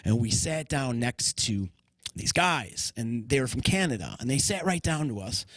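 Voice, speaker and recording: A man's voice: medium pitch, expressive, moderate pace, fairly bright tone, no room sound. A young adult man from upstate New York hosting a podcast, upbeat and chatty, reading listener comments aloud and telling road stories. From Utica, New York. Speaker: podcast host. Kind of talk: casual podcast conversation.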